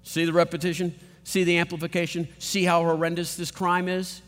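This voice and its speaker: A man's voice: a little high, monotone, a little fast, a bit bright. A man preaching a sermon in a large auditorium, emphatic and full of rhetorical questions. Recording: long hall reverb.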